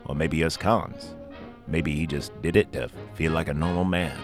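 A man doing an impression of a calm, wise older male convict narrating. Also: very deep voice, moderate pace, music in the background, pitched below the performer's own voice. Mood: reflective.

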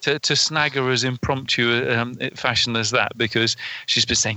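A man with a bright, clear voice chats about his travels in a relaxed group conversation. He tells his stories loosely and laughs often. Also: medium pitch, moderate pace, no room sound. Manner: chatty storyteller, laughs often. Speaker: podcast guest, motorcycle traveller. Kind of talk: casual group chat on a call.

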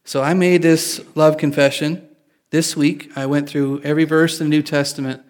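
A man's voice: on the high side, flat delivery, normal speed. A male pastor giving a conversational sermon, often restarting his sentences and making light jokes. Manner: conversational, self-correcting, joking.

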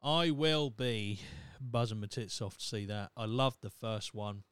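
Young guy ranting on his podcast, swears a lot, smooth clear voice, dry close sound. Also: on the low side, measured pace, a bit bright, no echo. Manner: blunt, sweary, opinionated. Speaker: podcast host. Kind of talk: casual solo podcast rant.

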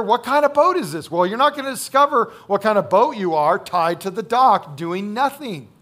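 A male pastor with a high-pitched voice gives a sermon in an easy, conversational tone. He repeats key phrases for emphasis and keeps asking "right?" and "okay?" to check that his listeners are following. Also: bright, forceful tone.

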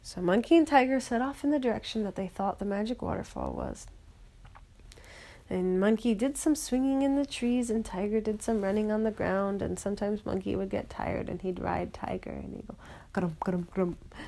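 A woman telling a bedtime story in a gentle voice, sometimes dropping to a whisper. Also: mid-range voice, big pitch swings, moderate pace, creaky.

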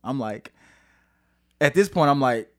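A singer-songwriter from St. Louis, USA, appears as a guest on a podcast and tells his story casually and animatedly, with plenty of fillers, swearing and laughter. His voice sits in the mid-range and his pace is measured.

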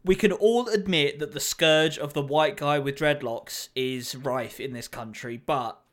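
A man's voice: a little high, measured pace, slight background noise. A man co-hosting a political podcast, trading sarcastic, sweary quips. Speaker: podcast co-host. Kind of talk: casual political chat.

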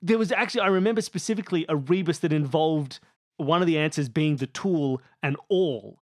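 An Australian man co-hosts a casual podcast chat, with a slightly raised voice and a dry, close sound. He explains in long, rambling runs and restarts his sentences often. His talk is animated throughout. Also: fairly high pitch, fairly quick, dry recording. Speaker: podcast co-host.

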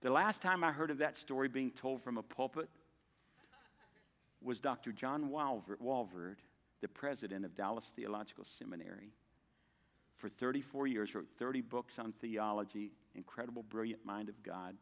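An older man preaching a sermon as pastor, telling stories in a folksy way with dramatic pauses. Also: medium pitch, gravelly, fairly bright tone, big-room sound. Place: church sanctuary.

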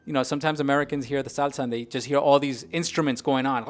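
Brief: male podcast co-host, casual and animated, scats beats out loud. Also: medium pitch, fast, few pauses. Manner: animated, sings out rhythms with vocal sounds. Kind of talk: casual chat about dancing.

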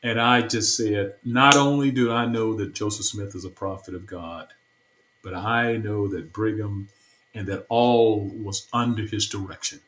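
Earnest low-voiced man with a drawl. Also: fairly even intonation, measured pace, fairly bright tone, low-quality recording. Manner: earnest, repetitive storytelling. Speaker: stake president, interview guest. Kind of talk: personal testimony in an interview.

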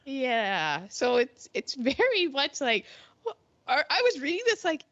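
A woman hosts a casual history podcast and tells the story with animated energy, slipping into silly voices for countries. Her voice sits a little high and swoops around a lot. The recording sounds dull and lo-fi. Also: measured pace, no room sound. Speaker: podcast host.

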